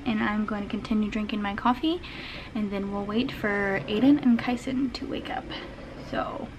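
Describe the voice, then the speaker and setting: A woman's voice: on the high side, slight background noise, poor audio. A woman vlogging her morning at home as a homeschool mom, chatting casually and laughing often, talking sweetly to her small son. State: out of breath. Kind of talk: casual vlog chat. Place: home kitchen, indoors.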